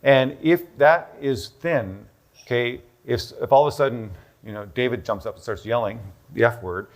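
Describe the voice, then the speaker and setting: A man's voice: mid-range voice, normal speed. A man explaining a health topic on stage, lecturing and thinking aloud, often checking in with "okay?". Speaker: doctor presenting a health protocol. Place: busy room with a live audience.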